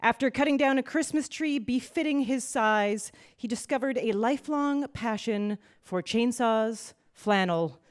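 Upbeat female quiz host with a bright, higher voice, playful with puns. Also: a little slow, hardly any pauses. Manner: playful, laughs often at her own puns. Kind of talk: upbeat game show hosting.

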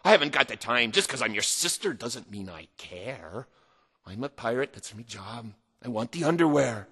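A man voicing a fierce, bossy female pirate captain who shouts orders to her crew. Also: medium pitch, big pitch swings, normal speed, husky, big-room sound, exaggerated voice.

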